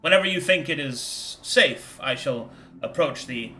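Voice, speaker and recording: A man's voice: medium pitch, animated, a little slow, bright, forceful tone, soft background music, rough recording. A man voicing a formal, stiffly polite male gnome guild leader in a tabletop game.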